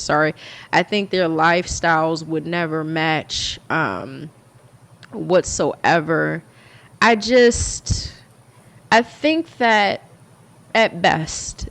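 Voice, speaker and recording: Slow, low-voiced woman vlogger. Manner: musing, self-correcting, chatty. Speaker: channel host. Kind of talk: casual vlog commentary.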